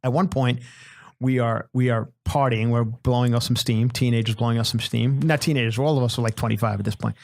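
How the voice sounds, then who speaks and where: A man at a middle pitch telling a rambling comic tale on a podcast. He is loose, profane and animated, and he puts on voices for the people in his story. His voice sounds dry and close, with no room around it. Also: a little fast, gravelly, no echo. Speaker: podcast host. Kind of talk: casual storytelling.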